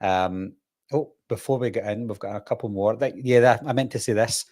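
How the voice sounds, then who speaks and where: A man hosting a casual podcast chat, relaxed and talkative, with frequent fillers. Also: fairly low pitch, fairly quick. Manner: relaxed, chatty, reads viewer comments aloud. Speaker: podcast host.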